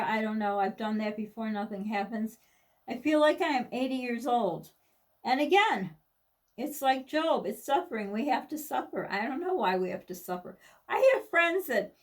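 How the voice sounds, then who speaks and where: A woman's voice: high-pitched, recorded from a distance. A middle-aged woman from the United States, talking candidly and rambling in a personal vlog, with many restarts and asides. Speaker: vlogger.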